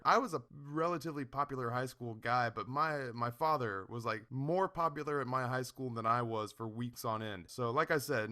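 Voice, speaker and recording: A man hosting his channel, telling a long personal story in a casual, animated way with some swearing. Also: mid-range voice. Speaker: channel host.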